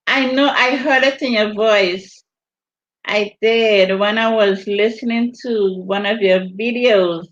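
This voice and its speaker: A woman from the Virgin Islands with a Virgin Islands accent, hosting a casual livestream and chatting while she reads viewer comments. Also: medium pitch. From US Virgin Islands (St. Thomas). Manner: unhurried, drawn-out delivery while reading viewer comments. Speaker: livestream host. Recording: dull lo-fi stream audio.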